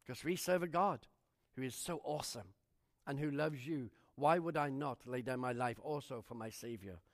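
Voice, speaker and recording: High-voiced man preaching with fervor. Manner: fervent rhetorical questions; animated storytelling. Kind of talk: sermon with personal testimony.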